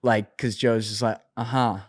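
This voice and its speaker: Brief: a podcast guest in his twenties, animated and profane, mid-pitched voice, dry close sound. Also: moderate pace, dry recording. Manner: animated, profane, filler-heavy. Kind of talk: casual storytelling chat.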